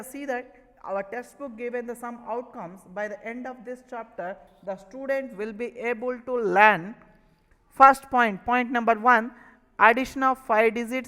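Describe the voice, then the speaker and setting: In an online class, a man with an Indian English accent teaches maths, repeatedly posing questions and answering them himself. His high voice sounds pushed and bright, echoing as if in a large hall, and the recording is rough.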